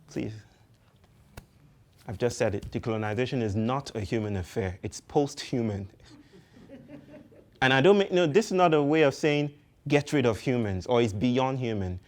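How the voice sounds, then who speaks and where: A man from Nigeria speaks to a live audience in a poetic, philosophical way. He leans on repetition to drive each idea home. His voice sits at a middle pitch. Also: darkish tone. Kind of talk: public talk.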